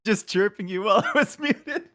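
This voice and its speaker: A man's voice: high voice, lively intonation, normal speed, bright, forceful tone, dry recording. A man, a game caster, chatting in a friendly, joking way with a player. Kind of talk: casual chat.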